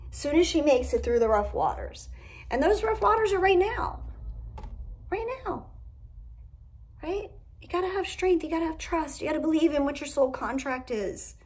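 A woman's voice: high voice, a little mellow, husky. A woman giving a casual tarot reading at home, talking candidly and cursing freely. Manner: candid and profane, with emphatic asides. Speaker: tarot reader. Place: indoors at home.

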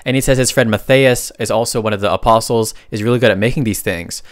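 A man's voice: on the low side, quick pace, no room sound, studio quality. A young man casually recapping a comic story, chatting and reacting with jokes as he goes. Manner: chatty, reacts and jokes while retelling, voices quoted lines lightly. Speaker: manhwa recap narrator.

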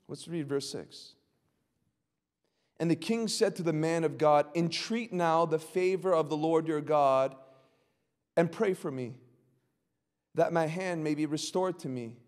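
Man, pastor, Bible study sermon, fairly high voice, impassioned, long reverb of a church hall. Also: a little slow, long pauses. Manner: impassioned, rising to loud emphatic cries. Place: church sanctuary.

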